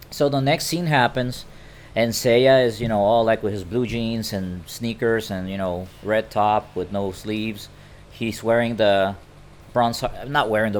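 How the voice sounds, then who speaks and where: A man's voice: on the low side, slight background noise. A man casually retelling an anime episode to a camera, chatty and stammering. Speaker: anime recap vlogger. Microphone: talking to a camera.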